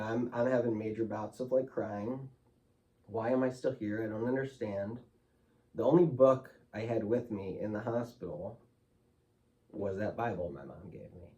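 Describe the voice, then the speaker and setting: A man's voice: mid-range voice, mellow, distant mic, muffled recording. A man speaking as a guest in an interview, telling his story candidly and emotionally, loose with fillers like "like" and "you know".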